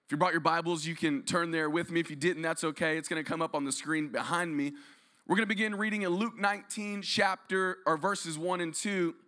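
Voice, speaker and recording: This man from Dallas-Fort Worth, Texas, speaks as a guest pastor, and his sermon is full of energetic storytelling and prompts for the congregation to respond. His voice leans high, he talks fairly quickly, and the setting is a large room used as a church.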